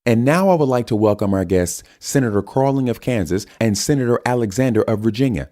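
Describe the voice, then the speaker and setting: A man's voice: medium pitch, expressive, brisk, no room sound, studio quality, voice pushed up, close to an everyday voice. A man voicing a slick female news anchor. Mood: anchor-bright. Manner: bright, upbeat broadcaster delivery.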